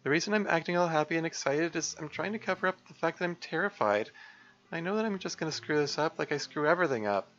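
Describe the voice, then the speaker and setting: A man's voice: a little high, expressive, quick pace, fairly bright tone, lo-fi sound, pitched above the performer's own voice. A man voicing a bubbly young woman who hides her fear, speaking in an earnest, self-deprecating way.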